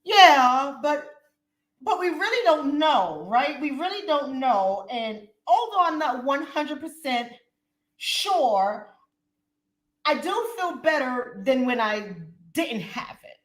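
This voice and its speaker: A woman voicing a worried older woman who speaks in a slow, high, fretful, pleading way. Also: very animated, fairly bright tone, heavily acted. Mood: uncertain. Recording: roomy echo.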